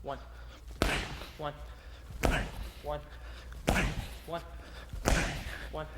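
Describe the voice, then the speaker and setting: Man calling slow counts in an echoey hall. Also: a little high, little pitch movement. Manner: terse single-word counts. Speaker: training partner calling numbers. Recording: echoey hall with loud background noise.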